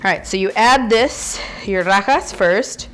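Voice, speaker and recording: A chatty, bubbly woman, a native Spanish speaker, talks through a recipe in her kitchen with playful asides. Her voice sits at an everyday middle pitch, with a faint hiss of noise behind it. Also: measured pace. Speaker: cooking channel host. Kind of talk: casual cooking vlog. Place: home kitchen, food sizzling.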